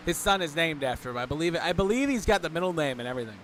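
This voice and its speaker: A man giving casual commentary on an online race, telling stories with growing excitement. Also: a little high, rapid-fire, slight background noise. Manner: excitable storyteller, voice jumps up when thrilled.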